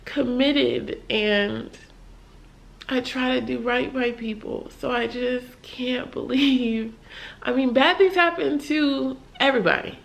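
A young American woman vlogging late at night, talking candidly and haltingly about a hard time, with sighs and small laughs. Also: fairly high pitch, gravelly. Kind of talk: emotional late-night vlog talk.

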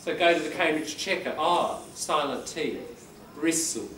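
A man's voice: a little high, moderate pace, pushed and bright. Male English teacher, patient explainer, distant mic in a noisy classroom. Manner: explains patiently, demonstrates exaggerated stress by reading aloud. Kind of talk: classroom lesson. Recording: echoey room, far from the mic, background noise.

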